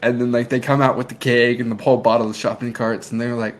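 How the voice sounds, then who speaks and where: Talking fairly quickly in a medium-pitched voice, a man co-hosting a casual movie podcast retells scenes animatedly. Laughter keeps breaking through as he describes them.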